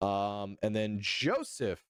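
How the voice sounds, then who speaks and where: Animated low-voiced man streaming. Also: takes it slowly, smooth, dry recording, studio quality. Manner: hesitant, repeats himself, swears casually. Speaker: livestreamer reading chat. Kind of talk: casual livestream commentary. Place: home streaming setup.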